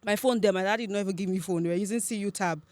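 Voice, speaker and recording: A young Nigerian-accented woman talks quickly through lively stories as a podcast guest. She laughs often and slips into the voices of the people she quotes, at a middle pitch. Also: no echo. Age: young adult. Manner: animated storyteller, laughs often, acts out quoted speech. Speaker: guest, accent content creator. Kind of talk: casual podcast interview.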